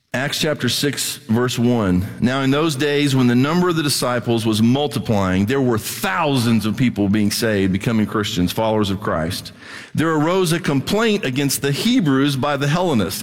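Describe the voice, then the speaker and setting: A middle-aged man preaching a sermon to his church, talking conversationally with blunt emphasis. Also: medium pitch. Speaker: pastor. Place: church hall. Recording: long hall reverb.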